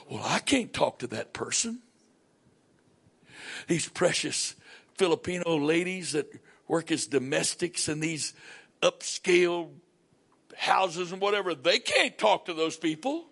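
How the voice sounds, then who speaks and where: A gravelly-voiced preacher with a Southern US accent, his pitch leaping high and dropping low as he preaches. He takes his time, then bursts into shouted lines before sinking to a near-whisper. A middle-aged man. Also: lively intonation, measured pace. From southern United States. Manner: swings between shouted emphasis and hushed near-whispers. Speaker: pastor. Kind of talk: sermon.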